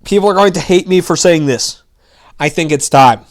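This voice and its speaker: A man's voice: fairly high pitch, moderate pace. Young male host, casual political rant, sarcastic, mocking, loose and rambling.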